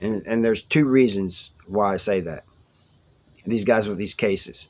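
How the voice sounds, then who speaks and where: Slightly dull lo-fi audio captures a man who did time recounting prison stories straight to camera. His voice sits on the low side, a little mellow, at a measured pace. He rambles colloquially, heavy on slang, voicing the lines of others as he quotes them.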